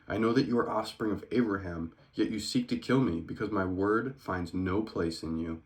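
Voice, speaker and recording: A man with a low, deep, natural voice reads scripture casually at a moderate pace, sounding like a calm, earnest teacher. His reading is plain and unforced, speeding up now and then.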